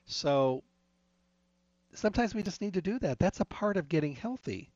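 A man's voice: high voice, expressive, normal speed, a little mellow, no room sound. A man in casual anecdotal chat, talking about health and retelling conversations line by line in a chatty storytelling way. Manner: chatty, storytelling with retold dialogue. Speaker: health talk speaker. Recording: dry, slightly dull lo-fi sound.

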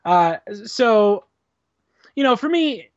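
A man's voice: extremely high pitch, very animated, slow, no room sound. A man co-hosting a podcast in casual chat, explaining eagerly and chuckling as he recounts things. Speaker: podcast co-host. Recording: dry, dull lo-fi recording.

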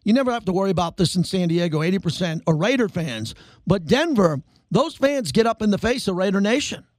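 A man hosting a sports radio show, questioning his guest in an energetic, conversational way. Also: high voice, a little fast, no echo.

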